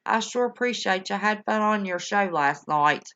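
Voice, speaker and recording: An older woman with a drawl talks easily with her live viewers, calling them honey and y'all. Her voice has a medium pitch. The sound is somewhat dull and lo-fi. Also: animated, normal speed, fairly bright tone. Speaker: livestream host. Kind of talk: casual chat with live viewers. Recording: dull lo-fi home stream audio.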